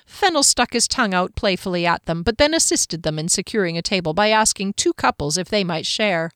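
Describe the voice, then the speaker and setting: A woman narrating a fantasy story aloud in a steady, even storytelling manner. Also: lowish voice, brisk, no room sound, studio quality. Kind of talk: audiobook narration.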